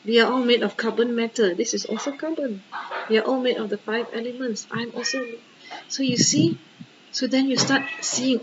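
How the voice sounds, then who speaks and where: A woman, a Buddhist nun and teacher, gives a dharma talk in an animated way, full of rhetorical questions and exclamations and often checking in with her listeners. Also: fairly high pitch, normal speed, highs cut off, very noisy.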